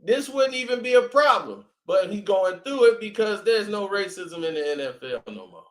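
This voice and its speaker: A man's voice: sits high, lively intonation, moderate pace, a bit bright, echoey room. A man giving mocking reaction commentary on a video clip, sarcastic and laughing often between remarks.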